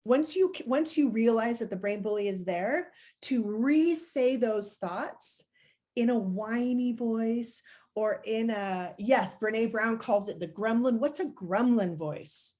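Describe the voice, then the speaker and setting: Slow-paced encouraging woman coach. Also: a little high, mellow. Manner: encouraging, conversational, demonstrates with gestures. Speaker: life coach. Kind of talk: live-streamed coaching talk.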